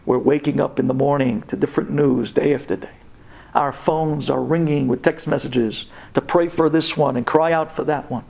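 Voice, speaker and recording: A rabbi preaching an earnest, urging sermon to a women's audience. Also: male voice, a little high, steady tone, normal speed, creaky, a little mellow, slightly rough.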